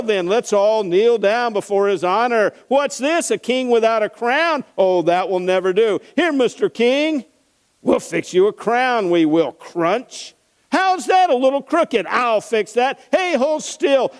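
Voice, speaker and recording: A man's voice: very high voice, clean tone, big-room sound, pitched above the performer's own voice, exaggerated voice. A male pastor voicing a cruel Roman soldier who sneers and taunts his prisoner with mock politeness.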